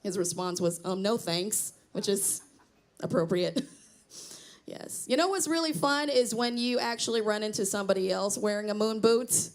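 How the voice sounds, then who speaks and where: On a small theater stage, a middle-aged woman of Cambodian heritage performs self-deprecating stand-up and chats with the crowd. Her voice is medium in pitch and her pace is moderate.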